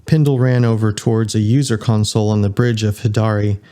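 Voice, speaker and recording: A man reading a science fiction audiobook as its narrator, in an even storytelling delivery. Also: lowish voice, a little fast. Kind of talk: scripted narration.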